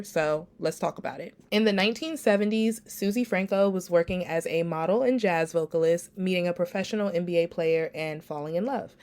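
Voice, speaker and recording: Woman podcast host, somewhat low voice, congested from a cold, chatty and familiar, recorded without a real microphone. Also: a little mellow. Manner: chatty and familiar, addresses listeners as y'all. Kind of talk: casual storytelling podcast. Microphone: recorded without a proper microphone.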